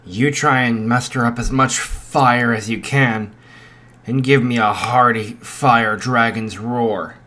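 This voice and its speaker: A man's voice: mid-range voice, fairly even intonation, takes it slowly, sharp tone. A man voicing a mighty, fatherly male fire dragon who talks in a boastful, teasing way.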